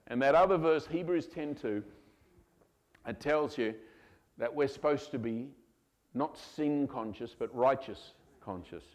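A male pastor preaching a sermon to his congregation, animated and given to acting out voices. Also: medium pitch, unhurried. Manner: animated, acts out voices of God and children. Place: church hall.

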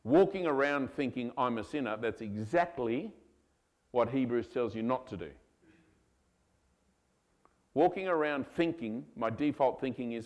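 A male pastor preaching a sermon to his congregation, animated and given to acting out voices. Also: fairly low pitch, normal speed, pauses often. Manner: animated, acts out voices of God and children. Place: church hall.

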